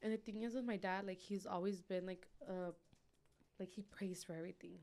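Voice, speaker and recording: A woman's voice: mid-range voice, fairly even intonation, brisk, darkish tone. Woman retelling a painful memory. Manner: emotional, filler-heavy retelling. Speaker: podcast guest. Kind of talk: personal storytelling in an interview.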